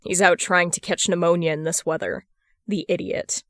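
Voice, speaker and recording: A woman voicing a gruff, protective young man who grumbles and deadpans. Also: lowish voice, fairly even intonation, normal speed, dry recording, clean studio sound, close to an everyday voice.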